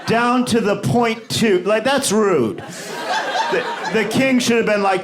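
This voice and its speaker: A male stand-up comedian performing a live set, animated and jumping into high shouted voices for the people in his stories. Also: slow pace. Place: comedy club stage before a live audience. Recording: live club recording with loud crowd laughter. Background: audience laughter.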